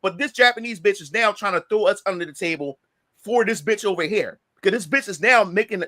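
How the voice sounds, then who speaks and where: A man's voice: high voice, dry recording. A man casually retelling a heated confrontation, swearing a lot and acting out what everyone said. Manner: animated, profane retelling of a confrontation, acting out quotes. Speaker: podcast guest. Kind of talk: casual storytelling.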